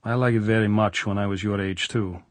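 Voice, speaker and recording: A man's voice: lowish voice, steady tone, a little fast, no room sound, lightly acted. A man doing a blunt, teasing general. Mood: dryly teasing. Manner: broken formal English, dry teasing. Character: blunt teasing middle-aged male general.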